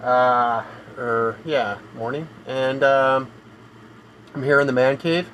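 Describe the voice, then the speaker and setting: Weary monotone man streaming from home. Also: mid-range voice, takes it slowly, a little hiss or hum, rough recording. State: in pain, tired. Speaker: gaming streamer. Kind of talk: casual live-stream chat. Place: home room he calls his man cave.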